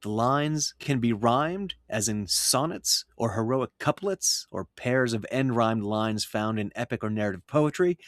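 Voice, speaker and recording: A man teaching how to write poetry in meter, speaking in a measured, scripted way and reading verse aloud with clear rhythm. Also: medium pitch, no echo, studio quality. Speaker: writing teacher. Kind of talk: scripted lesson narration.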